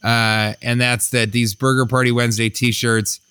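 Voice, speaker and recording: Man, comedy podcast host, enthusiastic, quick, bright tense tone, very dry sound. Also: medium pitch, little pitch movement, clear, resonant tone, no room sound. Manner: quick, enthusiastic, laughing along. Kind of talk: casual comedic chat.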